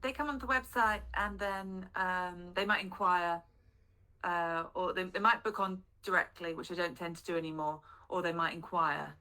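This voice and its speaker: A woman with a low, very bright and forceful voice asks a coach for advice on a group call. She explains her business hesitantly, pausing on fillers and going back to restart her sentences. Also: steady tone. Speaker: business owner asking for advice. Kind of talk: answering questions on a group call.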